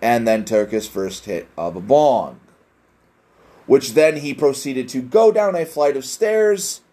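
A man's voice: medium pitch, animated, takes it slowly, warm tone. A young man hosting a casual solo podcast, rambling and self-deprecating, swearing often. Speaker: podcast host.

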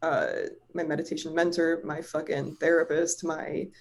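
A woman telling a personal story in casual chat, animated and swearing freely, with lots of "like" fillers. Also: sits low, moderate pace.

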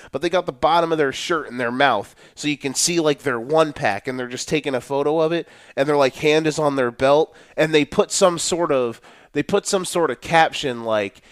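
A man's voice: on the high side, dry recording. Profane, ranting young man, dry close mic. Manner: animated, profane, mocking coaches in a put-on boastful voice. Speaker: sports podcast host. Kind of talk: ranting solo football commentary.

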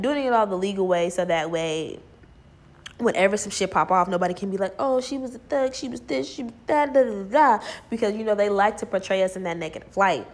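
A young woman ranting and gossiping to her viewers in a blunt, profane, animated way. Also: on the low side. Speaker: vlogger. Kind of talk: casual rant and gossip.

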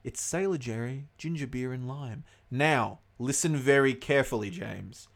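A man's voice: medium pitch, moderate pace, creaky. A young man co-hosting a casual podcast, rambling, swearing freely and losing track of names. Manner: rambling, swears a lot, loses his words. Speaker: podcast co-host.

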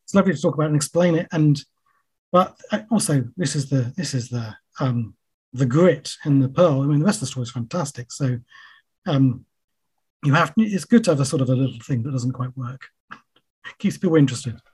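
Husky-voiced man, halting speech. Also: medium pitch, animated, darkish tone. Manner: halting, frequent fillers and restarts; self-deprecating. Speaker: writer guest. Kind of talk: casual interview talk.

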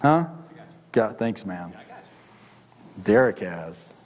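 A man's voice: on the low side, animated, drawn-out words. A middle-aged male pastor preaching a sermon, conversational, with joking asides to the congregation. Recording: long hall reverb.

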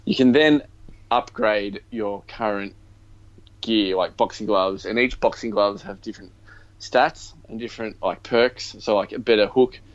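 Here a man co-hosting a podcast talks about games in a loose, rambling way, full of ums and likes. He has a fairly low voice and takes his time, captured in dull lo-fi audio.

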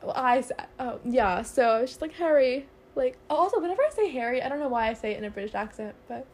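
A woman's voice: on the high side, animated, quick pace. A teenage girl in casual chat with a friend, talking in an upbeat, chatty way full of fillers. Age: teens. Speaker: co-host.

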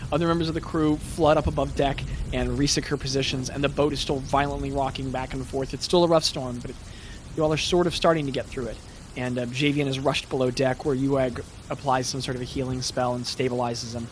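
A man narrates a tabletop role-playing game as game master in a relaxed, rambling way, with plenty of fillers. His pitch sits in an ordinary middle range. There is clear rain-like noise behind him. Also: a little fast. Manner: loose, chatty narration with many fillers.

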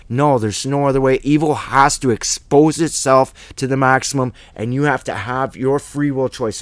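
A man's voice: medium pitch, moderate pace, few pauses, no echo. A man teaching a Bible study in a blunt, emphatic way, with slangy asides between verses.

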